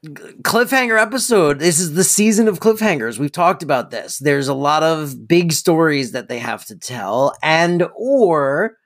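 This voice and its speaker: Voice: medium pitch, animated, moderate pace. A podcast co-host chatting casually, making wry, joking asides.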